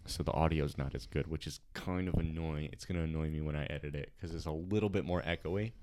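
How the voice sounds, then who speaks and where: Young male host, very low voice, casual and self-mocking, lav mic with faint hiss. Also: steady tone, quick pace. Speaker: podcast host. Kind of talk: casual chat. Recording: faint background noise, slightly echoey lav mic.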